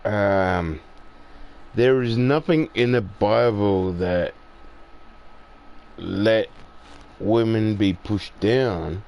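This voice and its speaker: A man's voice: on the low side, drawn-out words, vocal fry, pauses often, darkish tone, rough recording. A man in his forties talking in a casual, rambling and profane monologue, with lots of "it's like".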